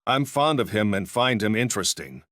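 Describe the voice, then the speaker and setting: Man voicing a regretful wife, low voice, dry close sound, story reading. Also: lively intonation, moderate pace, fairly bright tone, no echo. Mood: apologetic. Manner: evenly read, little change from narrator. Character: adult woman leaving her husband, apologetic.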